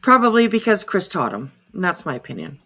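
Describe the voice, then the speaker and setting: A woman's voice: lowish voice, big pitch swings, brisk, bright, forceful tone, husky, soft background music. A woman hosting reaction commentary, sarcastic and opinionated. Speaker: commentary channel host.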